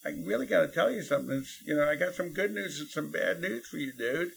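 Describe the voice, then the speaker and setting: A man's voice: a little high, lively intonation, fast talker, vocal fry, fairly bright tone, a little hiss or hum, full character voice. A man quoting his blunt, matter-of-fact guitar teacher in a casual voice.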